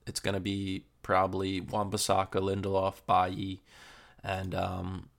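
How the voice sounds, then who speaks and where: Podcast host, young man, deep gravelly voice, laid-back match previews. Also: measured pace. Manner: relaxed, filler-heavy match previewing. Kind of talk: casual football podcast chat.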